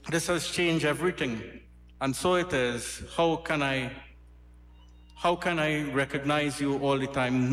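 A man's voice: fairly high pitch, unhurried, fairly bright tone, slight background noise. A man giving a devotional sermon as a religious storyteller, speaking emphatically, repeating phrases and addressing the congregation directly. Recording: echoey hall with faint music.

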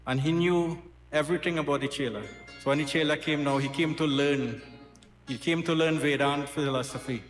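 A man's voice: on the high side, steady tone, brisk. A man giving a devotional sermon at a gathering. He tells stories in an earnest, repetitive way. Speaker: satsang speaker. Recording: roomy hall, faint music.

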